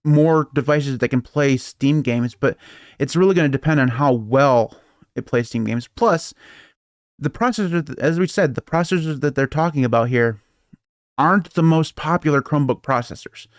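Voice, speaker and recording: A man co-hosting a podcast talks tech casually and rambles, chuckling between points. His voice is on the high side at a moderate pace, in clean studio sound with no room tone.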